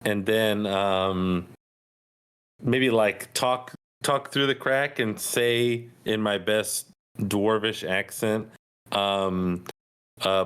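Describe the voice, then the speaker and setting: A man's voice: lowish voice, very slow, a bit bright, clean tone. A man talking casually as a player in a tabletop game, easygoing and thinking aloud.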